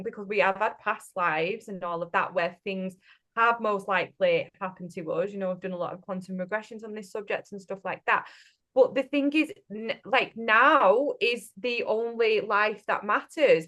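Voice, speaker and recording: A woman's voice: mid-range voice, normal speed, fairly bright tone. A woman, a coach, in casual podcast chat, speaking directly and bluntly and often checking in with the listener. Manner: direct and blunt, often tags statements with "right?". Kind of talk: casual spiritual business chat.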